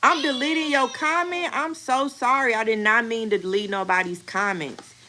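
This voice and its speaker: Her voice is a little high, bright, and forceful, with a steady tone at normal speed. She's a thirty-something mom vlogger reading viewer comments in a casual live chat, addressing them as y'all and laughing often.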